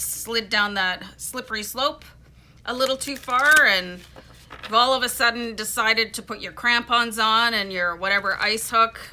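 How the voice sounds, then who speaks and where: A woman's voice: medium pitch, pushed and bright, slight background noise. A woman giving a casual, chatty tarot reading, informal and playful, with frequent fillers and asides. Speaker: tarot reader.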